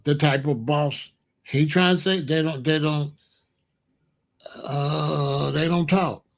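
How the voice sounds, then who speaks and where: A man's voice: a little high, steady tone, slow pace, gravelly. A man telling a street story in a repetitive, emphatic monologue. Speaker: podcast host.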